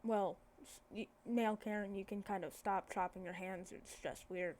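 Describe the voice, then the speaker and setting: A woman's voice: medium pitch, fairly even intonation, normal speed, a little mellow, a little hiss or hum, close to an everyday voice. A woman voicing an awkward, cheeky teenage boy hero in a casual retelling. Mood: sheepish.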